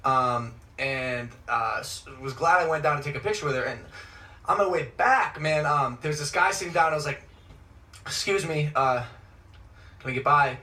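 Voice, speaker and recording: High, bright-voiced young man telling a story. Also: moderate pace. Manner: animated, acts out quotes with sudden shouts. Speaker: vlog host. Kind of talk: casual storytelling. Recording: voice from some distance, faint noise.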